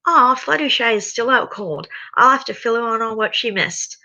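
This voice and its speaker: A woman's voice: a little high, expressive, normal speed, sharp tone, highs cut off, voice pushed up, heavily acted. A woman voicing a gleeful, demented unicorn mare scientist who giggles with sing-song menace in a fan storybook reading.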